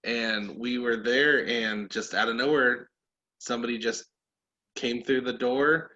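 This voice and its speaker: A man's voice: medium pitch, steady tone, a little slow, sharp tone, a little hiss or hum. A man from Ohio co-hosting a casual sports chat, rambling and laughing as he talks. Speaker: podcast co-host. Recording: dull lo-fi sound.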